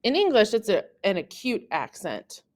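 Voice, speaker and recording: A woman narrating a scripted beginner lesson, explaining carefully and deliberately, with lively pitch jumps on the examples. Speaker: French teacher.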